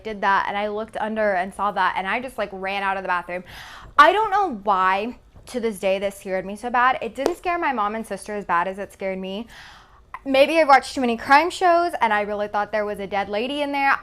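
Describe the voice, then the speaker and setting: A woman's voice: mid-range voice, a bit bright. A woman around twenty from Texas, telling a casual storytime with lots of "like" fillers and casual swearing. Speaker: vlogger. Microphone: phone camera.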